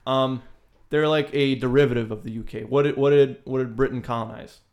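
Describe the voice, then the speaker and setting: A man's voice: medium pitch, steady tone, a little fast, dull audio. A man co-hosting a casual podcast, quizzing his co-host on bands with playful, profane teasing. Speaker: podcast co-host running a band quiz.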